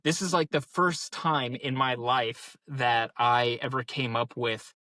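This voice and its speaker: A man in his thirties chats casually on a podcast, winding through stories and leaning on "like" as he goes. His voice is bright and forceful, sitting at an ordinary middle pitch. The recording is dry and close, with no room sound. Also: steady tone, unhurried, dry recording. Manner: rambling storyteller, many "like" fillers. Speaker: podcast co-host. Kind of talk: casual conversation.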